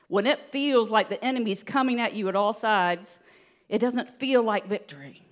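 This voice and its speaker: A woman giving a sermon in an earnest, steady teaching manner, with light laughs now and then. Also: medium pitch. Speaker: preacher.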